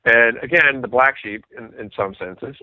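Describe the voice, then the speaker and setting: A man's voice: mid-range voice, moderate pace, no echo. A man in a casual interview, animatedly telling stories and acting out what others said. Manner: animated, acts out quoted voices. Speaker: musician guest. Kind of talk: casual storytelling. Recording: tinny phone-like line, dry.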